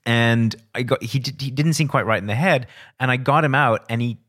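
A man's voice: mid-range voice, brisk. A man co-hosting a casual movie review chat, telling stories with lots of fillers. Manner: animated storyteller, hedging with fillers. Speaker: podcast co-host. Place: former cinema worker.

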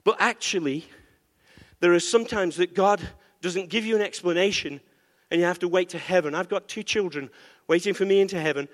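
A man preaching a sermon as pastor, animated and playful, calling out to the congregation for amens. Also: high voice, fairly quick. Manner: animated, playful, call-and-response. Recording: echoey church hall.

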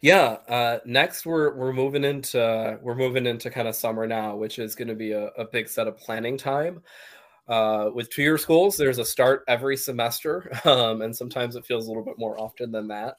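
A man's voice: medium pitch, steady tone, normal speed. A man as a podcast guest, answering interview questions with many fillers and restarts. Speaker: podcast guest, college leader.

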